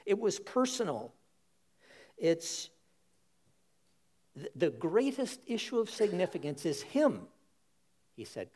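A man's voice: fairly high pitch, sing-song, slow, pauses often, darkish tone. A man preaching a sermon, stressing his points emphatically and repeating key phrases for weight, speaking straight to his listeners. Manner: addresses listeners directly as folks.

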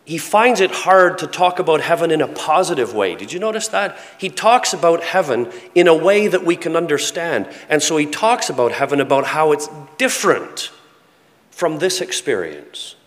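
A man preaching a sermon in earnest tones, often repeating words and dropping to a soft, hushed voice. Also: on the high side, big pitch swings, moderate pace. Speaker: pastor. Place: church sanctuary with a congregation. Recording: long reverb of a large hall.

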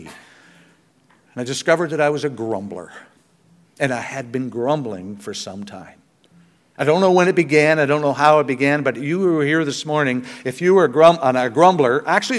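An older man preaching a sermon as pastor, earnest and conversational, with self-deprecating humor. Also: medium pitch. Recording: long hall reverb.

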